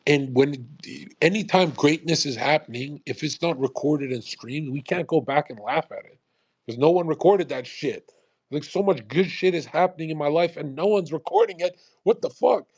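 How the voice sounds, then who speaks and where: On a live audio space, a man with a fairly high, slightly breathy voice rambles through a casual monologue at normal speed. He is animated and profane, swearing constantly and calling his listeners "bro." The recording is dry.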